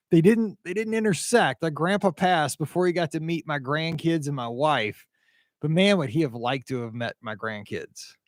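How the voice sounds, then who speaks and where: A man's voice: fairly high pitch, no room sound, clean studio sound. Rambling, upbeat Midwestern podcast host, a man. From American Midwest. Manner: rambling, enthusiastic, stammers and restarts. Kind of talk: casual chat, reading listener feedback.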